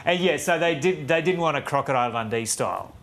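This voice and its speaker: A man's voice: a little high, lively intonation, fast talker, fairly bright tone. A man interviewing a guest on a live news program, asking short questions and laughing easily.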